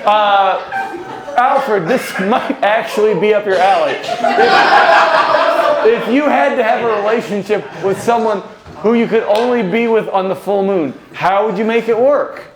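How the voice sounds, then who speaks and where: A man performing live improv, playful and quick to laugh. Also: sits high. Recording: echoey room with loud crowd and noise.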